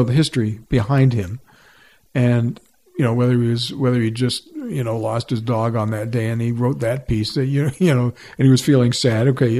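An older man, a retired orchestra musician, telling stories in a relaxed interview with many restarts. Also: mid-range voice. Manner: reflective storytelling with frequent restarts. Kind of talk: conversational interview.

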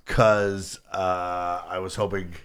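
A man's voice: sits low, little pitch movement, slow, fairly bright tone, clean tone. A man co-hosting a podcast, a stand-up comedian talking in a laid-back way that trails off into chuckles. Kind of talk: casual podcast chat.

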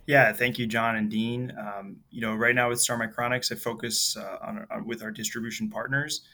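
A man guesting on a podcast, answering in a measured way with many ums. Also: mid-range voice, flat delivery, pushed and bright. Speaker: podcast guest, industry sales executive. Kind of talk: casual interview answers.

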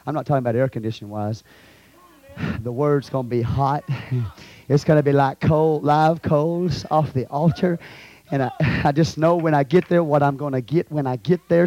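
A man preaching a fiery sermon as pastor of his church, swinging from hushed asides to shouts. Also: mid-range voice, fairly even intonation, brisk, no room sound, lo-fi sound. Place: church sanctuary.

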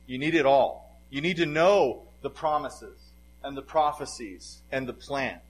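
A man's voice: mid-range voice, measured pace, husky, poor audio. A middle-aged man preaching a sermon as pastor, earnest and emphatic, his voice swelling in bursts of force.

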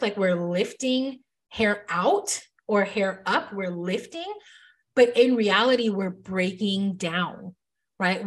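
Woman, hair educator, casual chatty lecture delivery, slightly higher pitch, emphatic and repetitive. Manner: chatty, emphatic, repeats key points with "right?" and "like". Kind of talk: casual teaching monologue.

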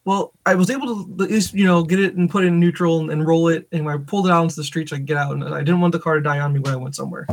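Podcast co-host, male, husky and fairly high, lively storyteller who laughs a lot. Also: very fast, hardly any pauses. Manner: animated storytelling, laughs often. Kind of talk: casual chat.

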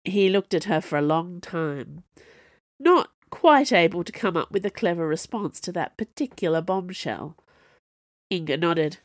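A woman narrating a novel as an audiobook, with expressive storytelling. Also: lowish voice, measured pace, no room sound, studio quality. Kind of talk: scripted narration.

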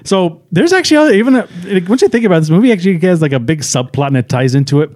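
A man's voice: sits high, lively intonation, racing, a little mellow. A man co-hosting a movie review podcast, retelling scenes in a rambling way with frequent fillers and laughs. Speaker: podcast co-host. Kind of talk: casual movie review chat.

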